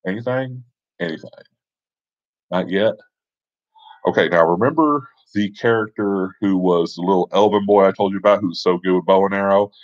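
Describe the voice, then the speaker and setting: A man's voice: low voice, fast, few pauses, no echo, lo-fi sound. A man casually retelling a tabletop role-playing game session in a rambling, offhand way. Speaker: storyteller.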